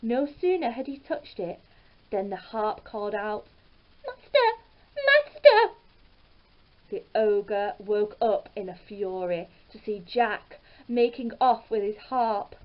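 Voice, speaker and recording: Slow-reading woman storyteller. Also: mid-range voice, dull audio. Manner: slow, careful read-aloud delivery. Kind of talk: storybook narration.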